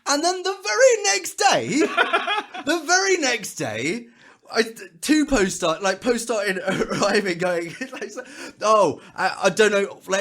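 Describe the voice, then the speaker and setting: A man's voice: high voice, a bit bright. A man in casual podcast chat, rambling and sweary, acting out what others said. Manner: rambling, sweary, mimics others in quoted voices. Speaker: podcast co-host.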